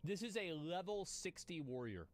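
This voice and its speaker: A man's voice: fairly high pitch, very animated, moderate pace, faint music behind. A young man streaming a game, giving exasperated live commentary, swearing and stammering as he watches other players.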